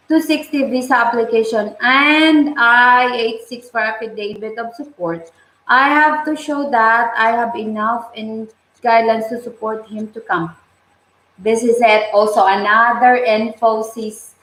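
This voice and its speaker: A woman's voice: a little high, a bit bright, roomy sound, poor audio. A woman with a Filipino accent chatting on a live stream, reading viewer comments aloud, greeting people by name, and repeating and restarting phrases as she thinks. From Philippines. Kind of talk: casual live-stream chat while cooking. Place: home kitchen.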